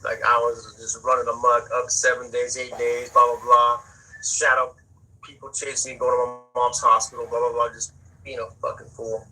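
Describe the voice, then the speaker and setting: A man's voice: mid-range voice, monotone, normal speed, bright, forceful tone, low-quality recording. A man telling a personal story in an interview, casual and profane, often repeating words as he searches for them.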